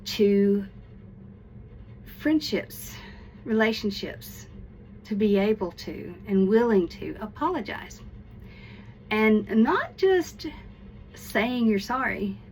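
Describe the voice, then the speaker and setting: A woman's voice: mid-range voice, a little hiss or hum, poor audio. A woman hosting her own channel, giving a casual video lesson to camera in a friendly way, often restarting and repeating her words. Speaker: online teacher and channel host.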